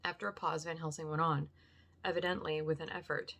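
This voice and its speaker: A woman's voice: low-pitched, fairly even intonation, fairly quick, vocal fry, sharp tone. A woman reading a classic novel aloud and then chatting casually, hesitant with fillers. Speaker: audiobook reader and podcast host. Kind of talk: audiobook narration then casual chat.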